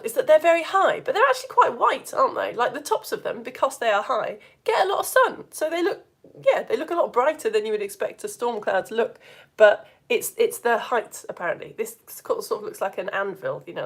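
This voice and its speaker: A woman with a Yorkshire accent teaching a live science lesson for all ages, lively and playful, slipping into silly voices for the actions. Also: fairly high pitch. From Yorkshire, England.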